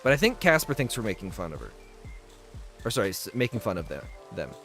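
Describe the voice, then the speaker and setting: Chatty male streamer, lively voice. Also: fairly low pitch, fast, over music. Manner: chatty, reads chat aloud and answers viewers; laughs easily, storytelling. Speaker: game livestreamer. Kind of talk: casual livestream chat while playing.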